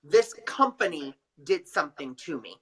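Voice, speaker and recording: Bright-voiced man telling a story. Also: on the high side, moderate pace. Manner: animated, acts out dialogue in other voices; chatty, many "you know" fillers. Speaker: guest, forgiveness guide. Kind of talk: casual interview storytelling.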